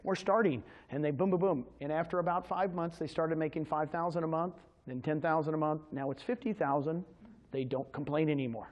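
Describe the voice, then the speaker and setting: A man giving an energetic, motivational sales presentation at a real estate agents' meeting, quizzing his listeners with questions. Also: a little high, a little fast, lo-fi sound.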